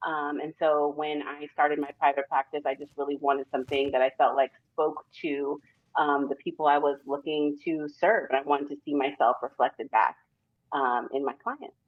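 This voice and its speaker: A woman psychotherapist speaking in a measured, thoughtful way as a guest on a talk show, heard over a video call. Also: low-pitched, steady tone. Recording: dull lo-fi video call audio.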